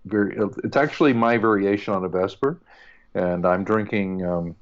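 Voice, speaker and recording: A man's voice: on the low side, normal speed, lo-fi sound. A man co-hosting a podcast in casual chat, joking and rambling with asides. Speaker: podcast co-host.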